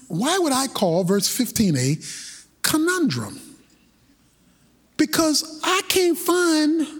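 A man preaching a sermon, impassioned and rhythmic, building into shouted passages. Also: very high-pitched.

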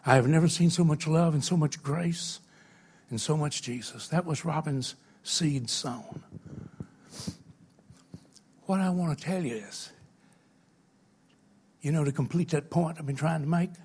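An older man preaching a sermon, telling emotional stories that swing between loud, stretched words and hushed, quiet passages. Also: fairly high pitch, measured pace, pauses often, slightly rough.

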